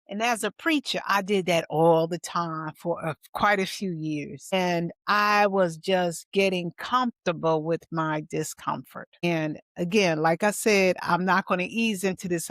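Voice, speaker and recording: A woman in her fifties, a pastor, telling her own story in a lively testimony style, acting out the people she quotes. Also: fairly low pitch, no room sound. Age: 50s. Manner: animated storytelling with acted-out quotes. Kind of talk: personal testimony vlog.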